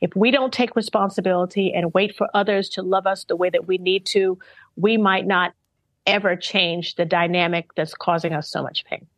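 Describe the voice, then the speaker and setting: A middle-aged woman being interviewed, talking in a thoughtful, earnest and measured way. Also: on the low side, steady tone, fairly bright tone, no echo, poor audio. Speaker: interviewed singer. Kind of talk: reflective interview talk.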